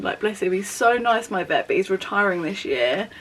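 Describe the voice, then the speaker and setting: A young woman talks through a long personal story while she does her makeup, in a loose, candid, rambling way full of fillers. Her voice sits at an ordinary middle pitch, and the tone is a casual get-ready-with-me vlog. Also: lively intonation, fast talker, a bit bright, low-quality recording. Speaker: beauty vlogger. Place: at home doing makeup.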